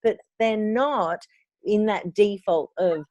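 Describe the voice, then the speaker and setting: A woman's voice: medium pitch, takes it slowly, darkish tone, no room sound, muffled recording. A woman in her thirties co-hosting a podcast, talking in an enthusiastic, effusive casual chat. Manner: enthusiastic, effusive, restarts words. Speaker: podcast co-host.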